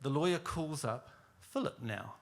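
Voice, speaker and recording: A man telling a funny story on stage at a live storytelling night, animated and chatty. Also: fairly high pitch, a little slow, gravelly. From Australia. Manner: animated, chatty, laughs at his own story.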